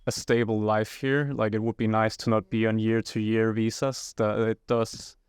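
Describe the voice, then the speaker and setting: Smooth low-voiced rambling young man. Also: little pitch movement, moderate pace, no room sound, studio quality. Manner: rambling, many restarts and fillers. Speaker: guest, startup founder. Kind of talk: casual interview answers.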